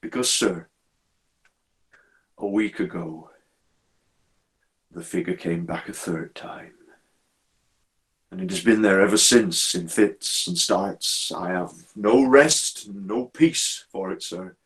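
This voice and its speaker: A man doing a haunted, halting railway signalman. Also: deep voice, fairly bright tone, voice pushed down. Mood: desperate. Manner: deferential, halting, repeats "sir" constantly. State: distressed and troubled. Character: haunted, anxious middle-aged male railway signalman. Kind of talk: performed storytelling.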